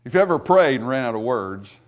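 A man preaching a sermon, repeating phrases for emphasis and calling out to the congregation, swelling to fervor then dropping soft and low. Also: sing-song, a little fast.

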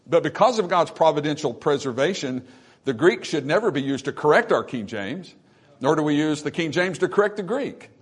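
A man preaching a sermon from the pulpit, emphatic and repetitive, calling out "amen" to the congregation. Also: mid-range voice. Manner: repeats phrases for emphasis. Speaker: pastor.

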